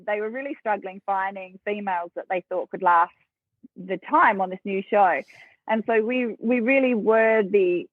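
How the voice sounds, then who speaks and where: A woman's voice: mid-range voice, no room sound. An Australian woman telling stories as a guest in a casual interview, acting out the voices of others and laughing often. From South Australia. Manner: lively storyteller, acts out quoted voices, laughs often. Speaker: podcast guest. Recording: thin phone-like dry sound.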